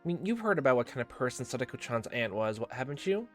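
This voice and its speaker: A man voicing a gentle but guarded teenage girl in a visual novel, his voice raised and softened, turning from sweet to flat and mocking. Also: medium pitch, fast, faint music behind, natural voice. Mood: earnest. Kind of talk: dramatic reading of visual novel dialogue.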